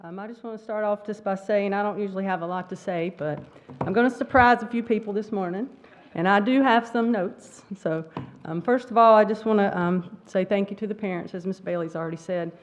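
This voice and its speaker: A middle-aged teacher speaks briskly in a mid-range voice at an award ceremony in a church sanctuary, so moved she's close to crying. It's a church school awards service, captured in dull, lo-fi sound.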